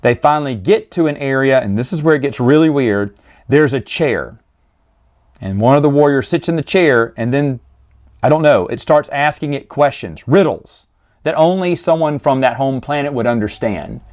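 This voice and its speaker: A man's voice: mid-range voice, expressive, normal speed, a little mellow. A man hosting a casual review monologue, rambling with jokey, exasperated asides. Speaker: host reviewing stories.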